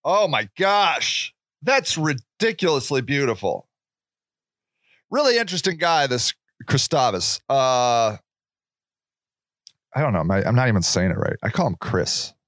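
A man's voice: mid-range voice, very animated, a little slow, a bit bright, no room sound, studio quality. A man in his forties hosting a solo podcast, rambling and joking in casual talk and swearing freely. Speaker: podcast host.

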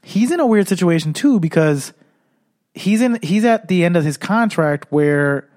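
Male podcast co-host, slightly high voice, loose, profane, tipsy sports talk. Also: lively intonation, moderate pace, darkish tone. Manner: rambling, profane, many restarts. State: been drinking. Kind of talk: casual sports chat.

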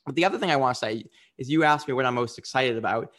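Guy coach chatting earnestly in an interview, lots of um's, thinking out loud, middle pitch. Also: fast talker. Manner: earnest and reflective, with frequent fillers. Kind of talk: candid interview conversation.

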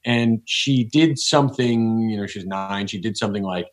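A man's voice: lowish voice, normal speed. Reflective man rambling with many restarts. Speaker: podcast guest. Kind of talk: casual conversation.

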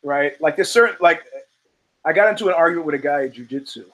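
A man's voice: on the high side, fast talker, a bit bright, rough recording. A male show host giving a blunt, rambling commentary monologue full of profanity and restarts.

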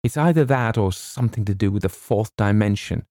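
A man voicing a fretful young bachelor writer, earnest and precise, in a deep gravelly voice. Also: brisk, warm tone, no room sound, clean studio sound, lightly acted.

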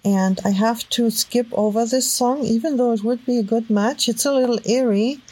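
A woman with a strong German accent talks through her findings in a casual podcast. Her voice sits a little high, and she stops, restarts and fills gaps with ums as she thinks aloud. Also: darkish tone, slightly rough, poor audio. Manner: halting, thinks aloud with many fillers and restarts. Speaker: podcast host. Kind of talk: casual commentary while browsing web posts. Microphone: home microphone.

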